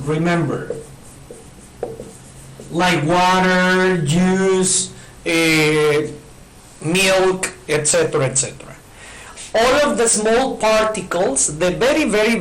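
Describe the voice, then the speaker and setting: A man's voice: high-pitched, lively intonation, slow, a bit bright, slight background noise, low-quality recording. Man teaching English grammar. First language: Spanish. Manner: patient, repeats points, checks in with "okay?". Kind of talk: recorded classroom explanation. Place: in front of a board.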